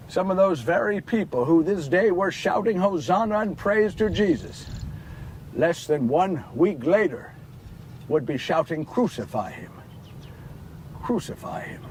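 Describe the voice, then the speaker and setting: The apostle Peter in a dramatic monologue, his voice high and swinging widely as he tells what he saw. He speaks to the listener tenderly, storyteller-style. A faint hum of noise sits behind him. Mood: sorrowful. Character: apostle Peter, a grown man recalling events with emotion. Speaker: actor in a biblical portrayal.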